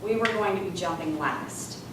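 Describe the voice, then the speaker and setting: A woman giving a humorous storytelling speech as a guest speaker, with animated comic timing. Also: lowish voice, normal speed, background noise. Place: large hall with live audience. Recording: echoey hall from far off. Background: room ambience and audience laughter.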